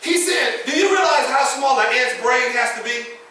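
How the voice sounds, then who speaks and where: High, bright-voiced preacher in an echoey hall. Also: male voice, animated, normal speed. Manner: folksy storytelling, laughs at his own jokes. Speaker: pastor. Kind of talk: sermon. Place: church sanctuary. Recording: echoey church hall, picked up from a distance.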